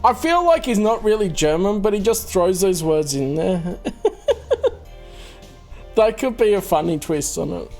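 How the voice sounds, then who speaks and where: A man's voice: high voice, animated, a little slow, creaky, long pauses, a little mellow, faint music behind. A man hosting a let's play, giving playful casual commentary and reading the game's lines aloud.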